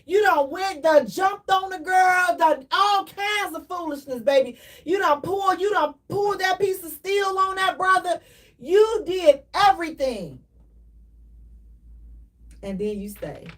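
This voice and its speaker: High-voiced woman hosting live radio, preachy and loud at times, unhurried, kinda far off the mic. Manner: animated, preachy, repeats herself, sometimes shouting. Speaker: radio show host. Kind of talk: live call-in radio talk.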